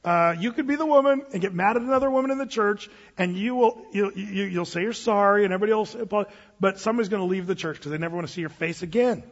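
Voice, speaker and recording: A middle-aged male pastor with a husky voice, preaching in a conversational, joking way and often repeating his words. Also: sits high, quick pace. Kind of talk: sermon. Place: church sanctuary. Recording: dull hall reverb.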